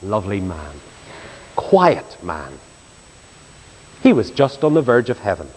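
A man preaching a storytelling sermon to a congregation, swinging from loud exclamations to hushed tones. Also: lowish voice, sing-song, slow, a little hiss or hum. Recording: long reverb of a large hall.

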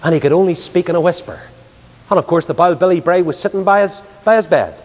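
A man preaching a storytelling sermon to a congregation, swinging from loud exclamations to hushed tones. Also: high-pitched, quick pace. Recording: long reverb of a large hall.

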